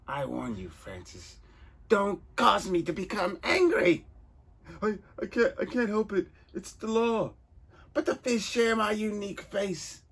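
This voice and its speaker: A man doing the Joker, high and menacing. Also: lively intonation, unhurried, vocal fry, fairly bright tone, breathy edge, exaggerated voice. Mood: menacing glee. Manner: theatrical, taunting, sing-song. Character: grinning menacing male clown villain. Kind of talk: comic book reading with voices.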